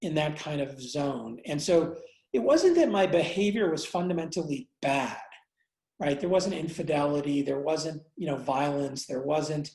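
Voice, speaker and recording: A man interviewed as a guest, telling a personal story candidly with many pauses, fillers and restarts, and some blunt swearing. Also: a little high, lively intonation, vocal fry, a little mellow, reverberant, poor audio. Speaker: interview guest, entrepreneur and investor.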